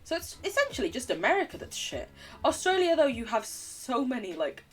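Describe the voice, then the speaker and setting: A woman's voice: sits high, very animated, fairly quick. A young woman with a standard English accent, chatting to her viewers in a giggly, teasing way while she plays a game. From England. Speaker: streamer. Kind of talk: casual live-stream chat while gaming.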